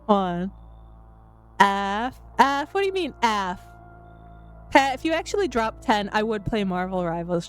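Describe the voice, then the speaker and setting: A woman streamer chatting with her viewers, giggly and excitable, laughing herself to tears and often squealing. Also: fairly high pitch, clear, resonant tone. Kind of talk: live-stream chat with viewers. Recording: faint music in the background.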